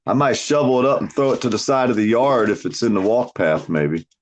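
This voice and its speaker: A man's voice: mid-range voice, lively intonation, fairly quick. A man ranting bluntly on a casual livestream, swearing heavily and mocking people. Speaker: livestream host. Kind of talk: profane casual livestream chat.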